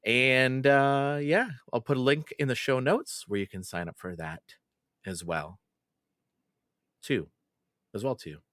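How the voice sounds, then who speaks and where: A man's voice: medium pitch, unhurried, pauses often, a bit bright, dry recording, studio quality. A man hosting a gaming podcast in casual chat, laughing easily and stumbling over his words now and then. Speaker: podcast host.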